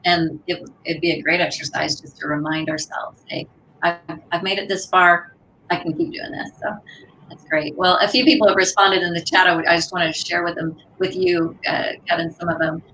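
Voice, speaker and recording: A female co-host reacts warmly to her guest and reads out comments from the viewer chat. Her voice sits low for a woman yet sounds bright and crisp. A faint hiss runs under the recording. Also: steady tone, moderate pace, low-quality recording. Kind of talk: casual show hosting, reading chat comments.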